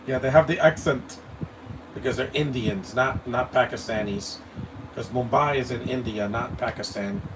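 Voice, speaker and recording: A man's voice: mid-range voice, moderate pace. A man giving live movie commentary, blunt and opinionated, rambling and stammering over his words. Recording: distant mic with air-conditioning hum.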